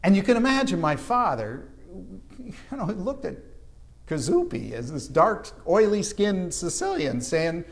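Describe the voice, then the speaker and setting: A man's voice: high-pitched, measured pace, gravelly. A man from Canada preaching a sermon, telling a childhood story and acting out the voices of people in it. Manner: storytelling, animated with acted-out quotes. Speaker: pastor. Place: church sanctuary.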